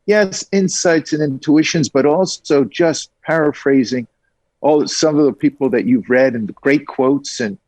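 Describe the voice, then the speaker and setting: A man's voice: a little high, unhurried, darkish tone, no echo. An older man as an interview guest, telling stories with enthusiasm. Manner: enthusiastic storyteller. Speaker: guest, entrepreneur. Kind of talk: conversational interview.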